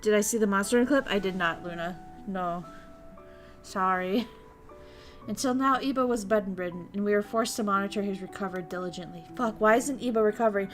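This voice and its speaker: A woman VTuber casually streaming a visual novel, reading it aloud with excitable, crude, giggly commentary. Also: mid-range voice, fairly quick, soft background music. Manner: crude, excitable, laughs and swears often.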